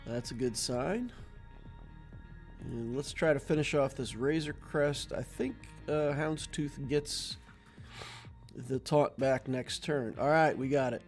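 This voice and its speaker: Regular-pitched guy streaming a game, chatty, laughs a lot, bit of music underneath. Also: animated, takes it slowly. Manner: chatty, laughs often, storytelling asides. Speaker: gaming streamer. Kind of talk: casual gameplay commentary and chat.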